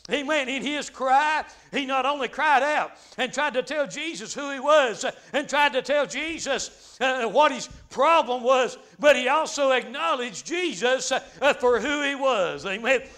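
A man preaching a fervent revival sermon, dropping frequent amens and breaking into shouts. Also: very high voice, a little slow, hardly any pauses.

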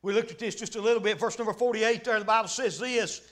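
A man preaching a fervent revival sermon, dropping frequent amens and breaking into shouts. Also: high voice, fast.

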